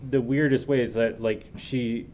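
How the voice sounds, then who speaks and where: A man's voice: medium pitch, steady tone, moderate pace, a little mellow, slight background noise. A man co-hosting a casual chat show, stammering and restarting as he makes his points. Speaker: co-host.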